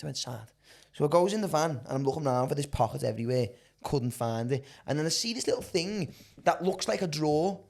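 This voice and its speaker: A man's voice: fairly high pitch, expressive, brisk, gravelly, darkish tone. A man in casual podcast chat, telling a rambling story and laughing through the punchlines.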